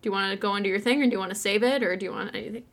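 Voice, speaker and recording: A woman's voice: mid-range voice, rapid-fire. A woman co-hosting a casual podcast from home, chatty and rambling, laughing often. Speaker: podcast co-host. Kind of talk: casual chat.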